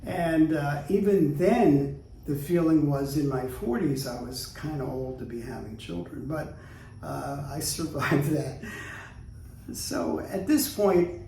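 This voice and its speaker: A man in his sixties from the United States, telling stories in a relaxed interview, chatty and laughing easily. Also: a little high, slow pace, vocal fry, a little hiss or hum. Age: 60s. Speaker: guest. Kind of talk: casual interview storytelling. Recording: roomy, distant mic.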